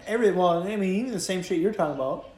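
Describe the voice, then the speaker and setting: A man's voice: high voice, lively intonation, racing, darkish tone. A man co-hosting a podcast, chatting in a laid-back, profane way and telling stories. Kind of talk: casual chat. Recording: echoey room.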